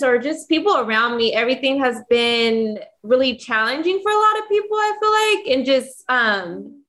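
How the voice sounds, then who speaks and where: Earnest high-voiced woman sharing advice. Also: fairly bright tone. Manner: earnest, thoughtful, with frequent "um" and "like". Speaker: podcast guest. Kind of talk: casual reflective chat.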